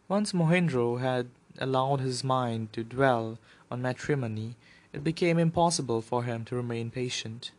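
A man narrating a novel aloud, measured, with occasional brief explanatory asides. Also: medium pitch.

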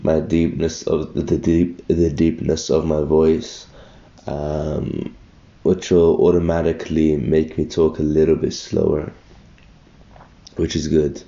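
Tired young man with a low, gravelly voice. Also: flat delivery, takes it slowly, dark tone, highs cut off. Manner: rambling, self-correcting, thinking aloud. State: just woken up, tired. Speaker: solo podcaster. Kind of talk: casual solo morning podcast.

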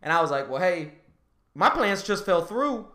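Man, podcast host, lively swooping pitch, bright tone, casual storytelling, roomy echo. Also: normal speed. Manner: animated, laughing storyteller, rises high when excited.

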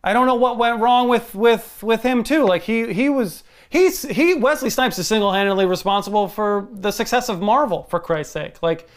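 A podcast co-host chats about a film, hesitating and second-guessing at times. The co-host also makes playful, insistent claims. The voice sits in a mid-range pitch. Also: moderate pace, hardly any pauses, smooth. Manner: hesitant, self-questioning, then playfully insistent. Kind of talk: casual movie-discussion chat.

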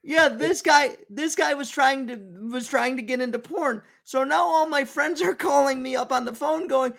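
A man who is a guest comedian in casual chat, relaxed and agreeable, adding his own stories. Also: very high voice, normal speed, creaky.

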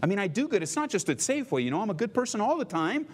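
A man's voice: sits high, very animated, rapid-fire, darkish tone, slight background noise, voice pushed up. A man preaching who puts on the voice of a boastful churchgoer, pleading that he is a good person. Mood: smug. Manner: whiny, pleading, self-congratulating. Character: smug self-satisfied churchgoer, man, boasting.

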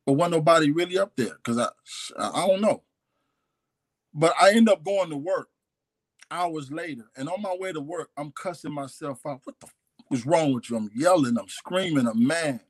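A man's voice: on the high side, expressive, normal speed, dry recording. A man telling his own life story as a guest, candid and hesitant. He often repeats lines and restarts. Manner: confessional, hesitant, repeats himself. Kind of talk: candid personal testimony.

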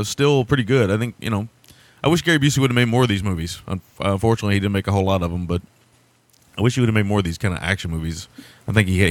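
A man's voice: medium pitch, fairly bright tone, dry recording. A man hosting a podcast, chatting casually about movies in a rambling, profane way and laughing often. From America. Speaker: podcast host.

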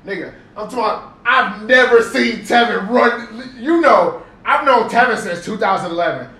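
Animated young man telling a wild story. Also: high voice, normal speed, distant mic. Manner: animated, swearing, emphatic repetition of "bro". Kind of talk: casual storytelling among friends. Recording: echoey room, from off the mic, faint noise.

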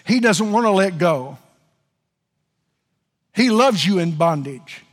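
A male pastor preaches in a church, his high voice leaping from soft, slow pleading up to shouts. His drawn-out delivery rings with the long reverb of a large hall. Faint music plays underneath. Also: expressive. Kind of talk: sermon.

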